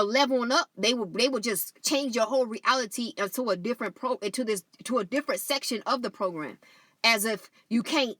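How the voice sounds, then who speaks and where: A woman's voice: a little high, pushed and bright, no echo. A woman talking casually and spiritually to her viewers, saying "you know" often and restarting her sentences. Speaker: channel host.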